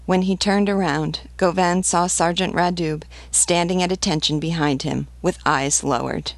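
Woman narrator, audiobook reading, gravelly and dry. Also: lowish voice, fairly even intonation, moderate pace, few pauses, no room sound. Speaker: literature teacher.

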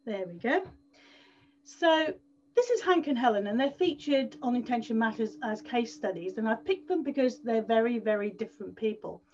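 A woman presents to an event audience, pitching her story high and lively and stressing points by repeating words. The recording sounds a little dull and lo-fi. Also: moderate pace, slight background noise. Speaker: speaker at an event.

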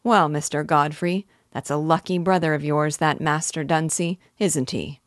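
A woman's voice: sits low, fairly even intonation, moderate pace, no room sound, studio quality, natural voice. Woman reading as a chatty, insinuating male horse dealer.

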